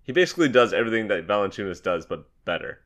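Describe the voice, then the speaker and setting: A young man hosting a casual sports podcast, upbeat and joking, quick to laugh. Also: on the low side, big pitch swings, a bit bright. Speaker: podcast host. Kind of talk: casual basketball podcast chat.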